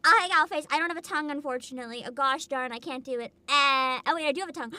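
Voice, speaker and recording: A woman streaming a video game, chatting casually. She is excitable, laughs often and swears. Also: high-pitched, very fast, few pauses. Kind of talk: casual gaming livestream commentary. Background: game music.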